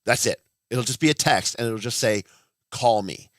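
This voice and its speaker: A man's voice: mid-range voice, brisk, fairly bright tone, no echo, clean studio sound. A man in his thirties hosting a casual livestream, rambling with blunt, profane asides and frequent restarts. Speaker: livestream host.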